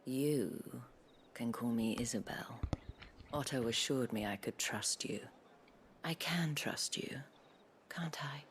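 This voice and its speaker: A sultry brothel madam from a video game, purring in a breathy near-whisper. Her voice sits extremely low and unhurried, each word drawn out with silky, teasing slowness. She sounds coy and in control. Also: slight background noise. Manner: slow, teasing, silky delivery.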